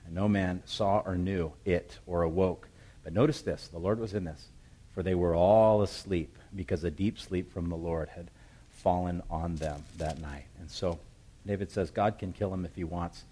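A man delivers a sermon in a fairly low voice, telling the story in plain, lively talk. He jumps into the characters' voices, sometimes shouting their calls from a distance. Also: slightly rough. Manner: acts out scripture voices, shouting the calls across the hills. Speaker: preacher.

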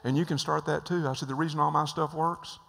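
A man's voice: on the high side, fairly even intonation, fast talker, gravelly, a bit bright. A man giving a sermon, telling jokes and acting out the voices of people in his stories. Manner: joke-telling, acts out voices, repeats phrases. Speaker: speaker at a church. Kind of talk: sermon with storytelling. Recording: hall reverb.

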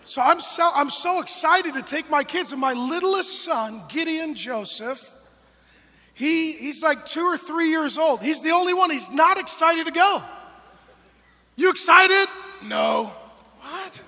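A man in his forties preaching a sermon, emphatic and swinging from loud calls to hushed storytelling. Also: very high voice, animated, measured pace, in a large hall. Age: 40s.

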